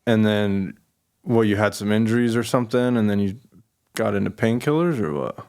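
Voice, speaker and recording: A man's voice: on the low side, moderate pace, darkish tone, clean tone. A man hosting a podcast, asking questions in an easygoing way with lots of short affirmations. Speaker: podcast host. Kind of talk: casual interview chat.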